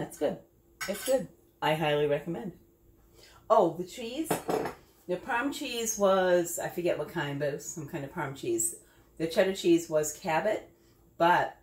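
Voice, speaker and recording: Woman cook hosting a homey demo: low-ish, lively voice, chatty, kitchen echo and clinking dishes. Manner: chatty, thinks aloud, tastes while talking. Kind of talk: casual cooking demo talk. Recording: echoey kitchen. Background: clinking dishes and cutlery.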